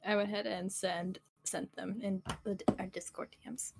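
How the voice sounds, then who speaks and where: A woman in casual livestream chat, with a voice pitched in the ordinary middle range. She is playful and giggly and keeps tripping into little restarts as she talks. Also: flat delivery, moderate pace, creaky, heavy background noise. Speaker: livestream podcast co-host.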